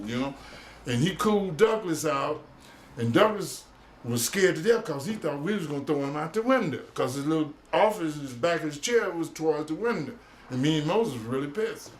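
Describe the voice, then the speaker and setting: A man's voice: on the high side, slight background noise. A man in his seventies, a jazz musician, telling old stories in a streetwise, profane way and often asking "you dig?". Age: 70s. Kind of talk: storytelling recollection. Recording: roomy echo with faint music behind.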